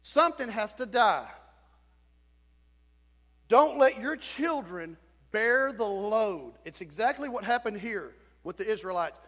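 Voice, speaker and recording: A man's voice: sits high, expressive, slow, long pauses, fairly bright tone. A male pastor delivering an emphatic sermon, repeating phrases and acting out quotes. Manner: emphatic preaching with repetition, acted-out quotes. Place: church sanctuary. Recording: long church reverb.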